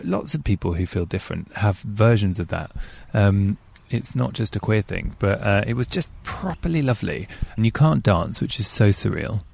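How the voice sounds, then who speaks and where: Male podcast host, lowish gravelly voice, dry close mic, chatty and self-mocking. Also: no room sound. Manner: chatty, self-deprecating, animated asides. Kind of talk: casual podcast monologue. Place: outdoors in a car park. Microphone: handheld microphone.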